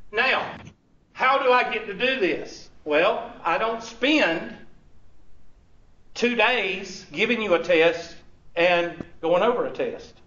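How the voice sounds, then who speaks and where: High-voiced man lecturing, echoey. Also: bright, forceful tone, recorded from a distance. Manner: teasing, sarcastic, full of rhetorical questions. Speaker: college instructor. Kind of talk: classroom lecture. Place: large classroom. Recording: dull, echoey classroom recording from afar.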